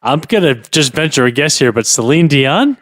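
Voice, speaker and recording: A man co-hosts a comedy podcast, fielding strange calls with bewildered questions. His voice sits a bit high and swings widely in pitch. The sound is close and dry. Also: very animated, a bit bright, no echo. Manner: bewildered, questioning, quick asides. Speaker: podcast co-host.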